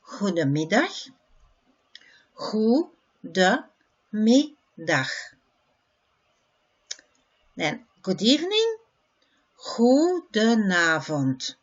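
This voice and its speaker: A woman from Belgium with a Flemish accent, teaching a beginner language lesson and repeating each phrase slowly for learners. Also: on the low side, muffled recording.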